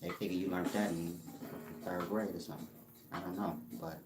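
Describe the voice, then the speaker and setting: A man giving a casual spiritual teaching monologue, drawling slowly and using street slang. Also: low-pitched, fairly even intonation, soft background music. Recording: roomy echo.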